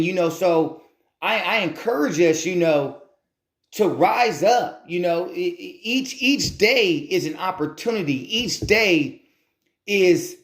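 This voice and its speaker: A man's voice: high voice, fairly bright tone, roomy sound. A man giving an earnest motivational talk, repeating phrases and asking rhetorical questions. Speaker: motivational speaker.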